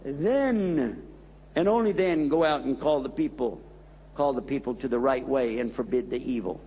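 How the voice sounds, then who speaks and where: A man's voice: medium pitch, moderate pace, mellow, long reverb tail, slight background noise. A man, an imam, giving a sermon in an emphatic storytelling manner.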